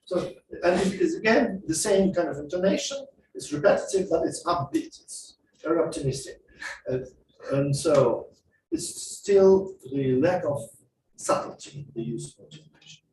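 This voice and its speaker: A man leads a masterclass on speaking, explaining points and acting out examples with a voice that swings widely in pitch and sits a little high. He is picked up from some distance in an echoey room. Faint background noise hums under him. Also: moderate pace. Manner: lively, explanatory, acts out examples. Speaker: speaking skills trainer. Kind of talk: masterclass lecture. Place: classroom or lecture hall.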